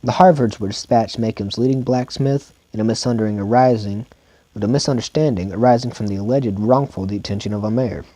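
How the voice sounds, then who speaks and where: A man's voice: lowish voice, warm tone, dry recording. A man with a Southern US accent reading a novel aloud at home in a laid-back, informal way, sometimes stumbling and repeating words. His mouth is dry. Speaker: audiobook reader. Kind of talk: amateur audiobook reading.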